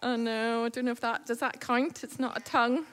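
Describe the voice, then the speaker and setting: A woman's voice: a little high, steady tone, a little fast, fairly bright tone. A young woman leading a children's church talk. She is playful and teasing and laughs often. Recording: echoey hall with long reverb.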